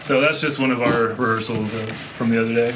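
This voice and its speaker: A man who plays bass and engineers his band's sound, giving an easygoing tour of his home studio and rehearsal space. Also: fairly even intonation, fast talker, loud music behind the voice, low-quality recording. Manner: easygoing, explanatory.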